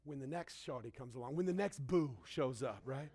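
A young man preaching a sermon as pastor, animated, acting out quotes and swinging between loud and hushed. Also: medium pitch, normal speed, husky.

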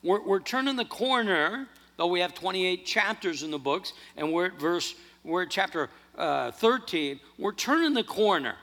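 Lively, bright-voiced male preacher. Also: sits high, normal speed, hardly any pauses. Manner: animated, earnest preaching with restarts. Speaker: pastor. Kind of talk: sermon. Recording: long hall reverb.

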